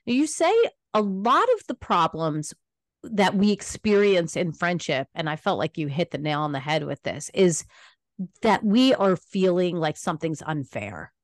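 A woman hosting a podcast, interviewing in a lively, chatty way with many affirmations and playful quoted voices. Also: fairly low pitch, unhurried, no room sound, clean studio sound. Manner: animated, warm affirmations, acts out kids' voices. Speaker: podcast host. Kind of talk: casual interview chat.

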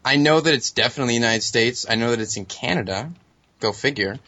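Bright, sardonic young man ranting. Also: mid-range voice, fast talker, dry recording. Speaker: podcast co-host. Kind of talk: ranting commentary. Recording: dull lo-fi sound.

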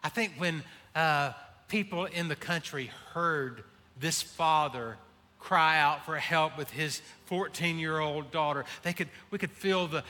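A man preaching a sermon, swinging between hushed pleading and impassioned calls. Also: a little high. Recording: reverberant hall with faint music. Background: faint music.

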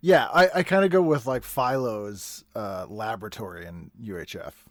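A man from the Boston area, a comedian guest telling wry, animated stories in casual chat. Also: fairly low pitch, moderate pace, no echo, studio quality.

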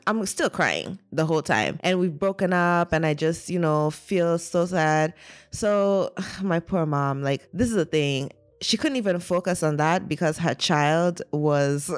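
A young woman telling a personal story in an animated, chatty way, full of fillers. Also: low voice, no echo. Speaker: interviewee.

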